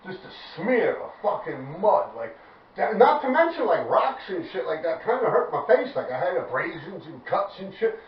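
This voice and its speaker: A man's voice: sits high, sing-song, moderate pace. A man with a New York accent, telling a graffiti story to his viewers in loose, profane street talk, laughing as he goes. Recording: echoey, distant, dull with faint noise.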